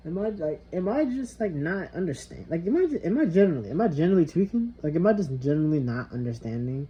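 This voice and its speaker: A man's voice: a little high, sing-song, quick pace. Frustrated young man venting, rambling. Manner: rambling, frustrated, heavy swearing, trailing off. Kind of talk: casual monologue vent. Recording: slightly dull lo-fi recording with faint background noise.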